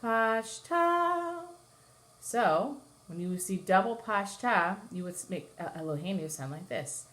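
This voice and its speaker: A cantor with a lowish voice teaches Torah chanting online from home while a dishwasher runs. She speaks at a moderate pace with hardly any pauses, explaining step by step and singing trope names in short phrases as examples.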